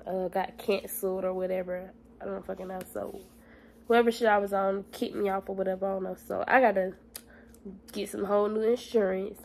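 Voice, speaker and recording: A woman's voice: medium pitch, gravelly, darkish tone, slight background noise, poor audio. A young woman vlogging in a casual, blunt and profane way, talking straight to her viewers. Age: young adult. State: stressed, near tears. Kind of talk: casual vlog chat.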